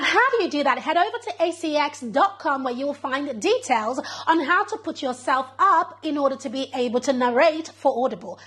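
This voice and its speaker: A woman's voice: sits high, a bit bright. A woman hosting her own channel, talking to camera in a chatty, encouraging way and calling the viewer darling and girl. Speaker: business coach and channel host. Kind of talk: upbeat talk to camera.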